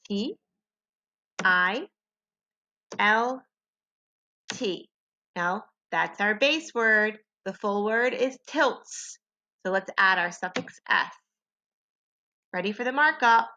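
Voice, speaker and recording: A woman teaches young children phonics, slowly sounding out letters and sounds and having them echo her back. Her voice is fairly high, bright and forceful.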